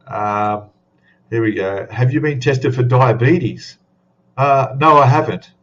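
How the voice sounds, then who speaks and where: A man's voice: medium pitch, slow, fairly bright tone, muffled recording. Chatty man hosting a stream. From Australia. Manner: chatty, rambling, greets chat viewers by name. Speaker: livestream host. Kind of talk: casual live-stream chat.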